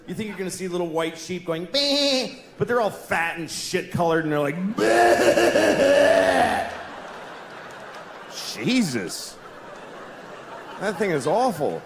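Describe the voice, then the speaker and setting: A man in his forties performs stand-up on stage, deadpan and exasperated, his fairly high voice swinging wide in pitch. The sound is roomy and echoey, with steady live-venue noise underneath. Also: a little fast, hardly any pauses. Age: 40s. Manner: deadpan and exasperated, jumping into loud squeaky put-on voices. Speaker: stand-up comedian. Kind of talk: stand-up comedy set. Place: large comedy venue, audience laughing.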